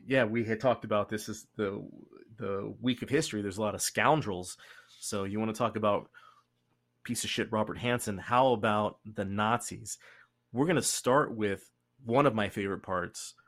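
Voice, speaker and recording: A young man hosting a casual podcast chat, rambling and joking with quick asides. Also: fairly low pitch. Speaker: podcast host.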